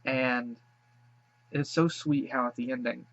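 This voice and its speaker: A man records a casual reaction video, his voice sitting at an ordinary middle pitch. He sounds teary and earnest, piling on thanks and gushing praise. The recording is a little dull and muffled. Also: steady tone, measured pace, creaky, fairly bright tone. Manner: emotional, gushing, repeats thanks, tearful after crying. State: teary after crying.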